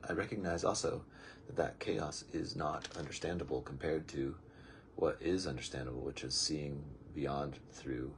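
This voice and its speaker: A man's voice: a bass voice, normal speed, slight background noise. A man leading a daily spiritual lesson in a casual, rambling, reflective and good-humored way. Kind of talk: casual, meandering spiritual talk.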